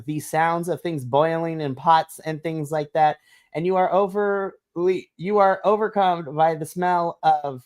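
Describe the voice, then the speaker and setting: A woman's voice: on the low side, darkish tone. A woman narrating a tabletop game as game master, rambling with lots of fillers and giggles.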